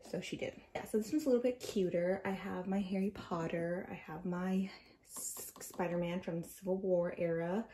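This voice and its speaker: A woman's voice: on the low side, warm tone. A young woman in her twenties chatting casually through a tour of her bookshelves, rambling with plenty of fillers and a little out of breath. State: slightly out of breath. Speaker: book vlogger.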